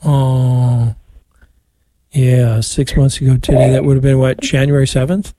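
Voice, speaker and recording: A man's voice: medium pitch, steady tone, unhurried, mellow, no room sound. An older man, a priest, leading the rosary on the radio and chatting with callers in a folksy, joking way. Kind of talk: leading prayer and taking calls.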